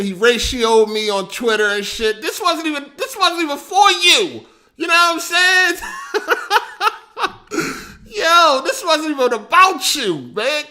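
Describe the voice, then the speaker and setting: A man hosting a casual livestream, animated and slangy, laughing often and swearing freely. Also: high voice. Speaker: livestream host.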